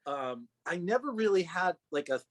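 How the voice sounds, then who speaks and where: A man raised in Boston, an actor guest on a podcast, talking in a relaxed, chatty way and laughing often. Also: high voice, moderate pace, dry recording. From Boston, Massachusetts. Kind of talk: casual podcast chat.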